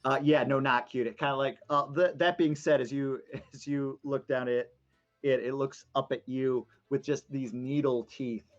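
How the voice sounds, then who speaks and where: A man's voice: mid-range voice, fairly even intonation, normal speed, soft background music. Casting: man as game master, loose improvised narration, muffled lo-fi stream sound. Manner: rambling, filler-heavy improvised narration. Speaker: dungeon master.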